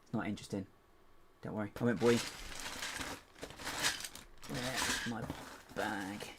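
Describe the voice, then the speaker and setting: This man's voice sits fairly low and moves a little slowly. He's live streaming a build, talking casually, muttering while he looks for parts and teasing himself, and the recording carries a steady hiss with clicks.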